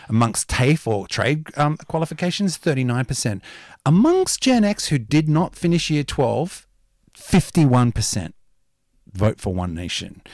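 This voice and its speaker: A man in his fifties co-hosting a casual political discussion, animated and quick to jump in, often trailing off quietly at the ends of phrases. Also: mid-range voice, dry recording, studio quality. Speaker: co-host.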